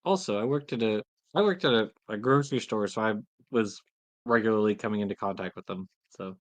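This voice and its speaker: A man co-hosting a casual livestream, talking in an animated, incredulous way. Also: fairly low pitch, brisk. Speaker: co-host.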